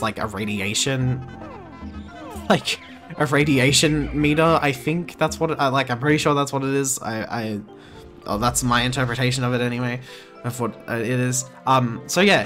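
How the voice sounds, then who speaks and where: A man's voice: mid-range voice, a bit bright. A man in his twenties giving casual let's-play commentary, rambling and easily sidetracked, full of fillers and restarts. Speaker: gaming channel host. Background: game music.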